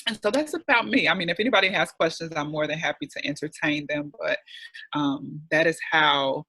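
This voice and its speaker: A man's voice: fairly high pitch, brisk, sharp tone, dry recording, poor audio. A man telling a candid, heartfelt personal story as a guest in an online panel discussion, chatty and full of fillers.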